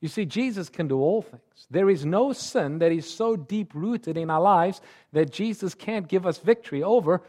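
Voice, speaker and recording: A man preaching a sermon in an earnest, emphatic way, slowing down and rising in pitch on key words. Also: animated, a little mellow.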